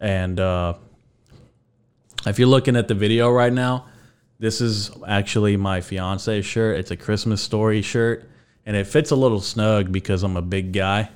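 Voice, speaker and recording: A young man runs his podcast alone, speaking unhurriedly in a lowish, clear, resonant voice with a steady tone. He rambles and cracks jokes casually, using plenty of fillers and swearing now and then.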